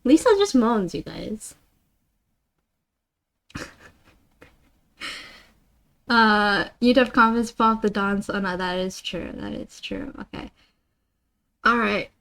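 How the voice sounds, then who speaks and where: A woman's voice: mid-range voice, slow pace, gravelly, pauses often, fairly bright tone. A woman streamer chatting casually with her viewers, flustered and giggly as she reads out donations. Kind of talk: casual live-stream chat.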